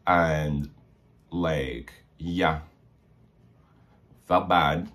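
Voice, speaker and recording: A man's voice: extremely low pitch, steady tone, very slow, a bit bright. A young man vlogging while doing his makeup, chatty and dramatic, acting out the quoted dialogue as he retells a story.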